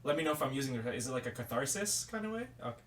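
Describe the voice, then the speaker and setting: A man's voice: medium pitch, very animated, racing, fairly bright tone, slight background noise. A man co-hosting a podcast in casual chat, teasing and laughing often. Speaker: podcast co-host.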